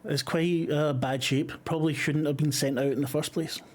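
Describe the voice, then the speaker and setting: A man narrating a tabletop horror game as game master, halting and full of fillers. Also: fairly high pitch, fairly even intonation.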